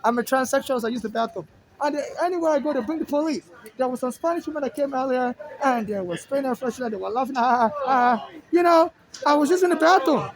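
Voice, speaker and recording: Outdoors in a city, a Nigerian man with a Nigerian accent complains directly to camera, agitated and repetitive, aiming his grievance straight at an official. His voice is extremely high-pitched and the audio is poor.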